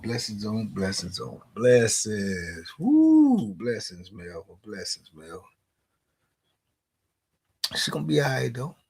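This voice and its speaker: A man's voice: medium pitch, gravelly, slightly rough. A man hosting a live stream in casual chat. He laughs often and keeps asking "you dig?". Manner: laid-back slang talk, laughs often, asks "you dig?".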